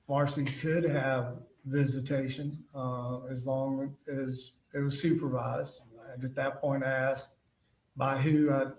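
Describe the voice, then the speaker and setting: A man's voice: mid-range voice, a little mellow, slight background noise. Man testifying in an echoey courtroom. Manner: halting, with frequent fillers and restarts. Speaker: witness testifying at trial. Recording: echoey courtroom audio from far off.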